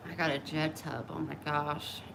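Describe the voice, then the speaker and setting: A woman's voice: sits low, level tone, normal speed, vocal fry, heavy background noise. A middle-aged woman talking bluntly and openly in a casual vlog, oversharing about her personal life. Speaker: vlogger. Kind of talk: candid casual chat.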